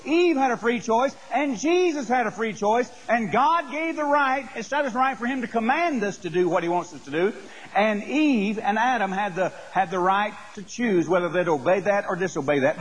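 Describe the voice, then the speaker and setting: A man's voice: very high voice, breathy edge, rough recording. A man pastor preaching a sermon to his congregation, building emphasis through repeated phrases. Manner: preaching with rising emphasis and repetition.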